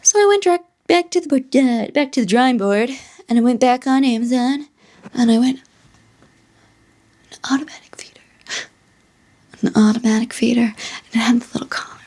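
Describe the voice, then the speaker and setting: A woman's voice: on the high side, fairly quick, a little mellow. A woman hosting her own podcast, telling a story casually and rambling off into tangents. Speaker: podcast host.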